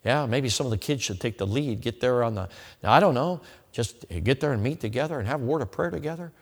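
A man preaching an evangelistic sermon with an altar call, emphatic and swinging between loud and hushed delivery. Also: mid-range voice, quick pace. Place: church sanctuary. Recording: long hall reverb.

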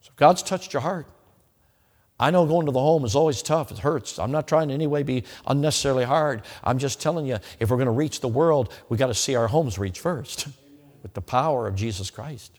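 An emphatic male preacher delivers an evangelistic sermon, moving between forceful loud phrases and hushed, drawn-out ones. His voice sits at an ordinary male pitch. It rings through a church sanctuary with a long hall reverb. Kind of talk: evangelistic sermon with altar call.

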